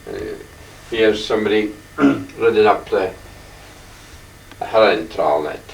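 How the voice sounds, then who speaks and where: An older man talks his halting, wandering way through his paintings, often clearing his throat. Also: lowish voice. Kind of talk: rambling casual reminiscence. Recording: echoey room, distant mic, faint hiss.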